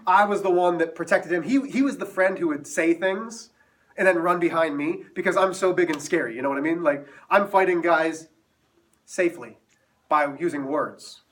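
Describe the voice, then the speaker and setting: High-voiced man teaching from across a classroom. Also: normal speed, recorded from a distance. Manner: animated, self-mocking storyteller. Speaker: math teacher. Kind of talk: classroom storytelling lecture.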